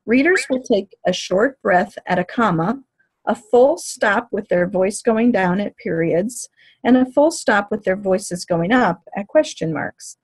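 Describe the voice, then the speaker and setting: A woman giving a lecture on teaching reading, in a clear, measured, explanatory way. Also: medium pitch, lively intonation. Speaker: teacher educator.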